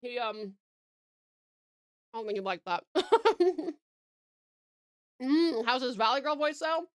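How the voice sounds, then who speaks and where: A woman's voice: sits high, animated, slow. A woman with an Australian accent chatting casually on a live stream, giggling and eating as she talks. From Tasmania, Australia.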